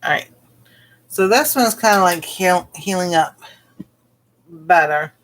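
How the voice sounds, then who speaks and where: A woman's voice: lowish voice, lively intonation, slow, a bit bright. A woman cooking vlogger telling a personal story in a casual, rambling way, with many fillers and exclamations. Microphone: livestream.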